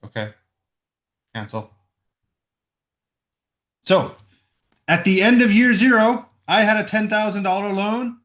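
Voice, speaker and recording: A man's voice: sits high, expressive, takes it slowly, pauses often, a bit bright. A man teaching a recorded math lesson at home into a computer microphone. He works through the calculations aloud and keeps checking in with "right?".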